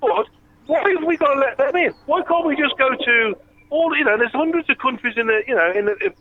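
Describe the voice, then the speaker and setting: High-voiced man on a tinny phone line. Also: lively intonation, fairly quick, slight background noise. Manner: blunt, sweary, blurts questions. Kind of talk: casual chat.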